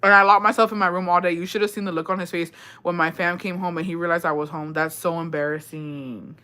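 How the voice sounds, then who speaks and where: A woman's voice: lowish voice, fairly even intonation, fast talker, sharp tone. Profane, rambling storytelling woman from Texas. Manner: profane, rambling, reads viewer comments. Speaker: streamer. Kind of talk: casual storytime chat.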